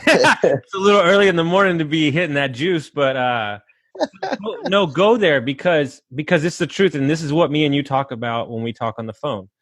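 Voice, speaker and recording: A man's voice: fairly high pitch, moderate pace, fairly bright tone, dry recording, studio quality. Fired-up, swearing man on a podcast. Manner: emphatic, fired up, swears freely. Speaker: podcast guest, real estate investor. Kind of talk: motivational podcast talk.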